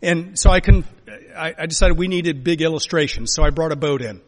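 A man preaching a sermon as a pastor, emphatic, swinging between loud urging and quiet, soft lines. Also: on the high side, fairly quick. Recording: long hall reverb.

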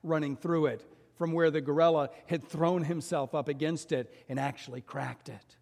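A man preaching a sermon as a pastor, telling stories with lively voiced quotes. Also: a little high, moderate pace, vocal fry, in a large hall. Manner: animated storytelling with voiced quotes.

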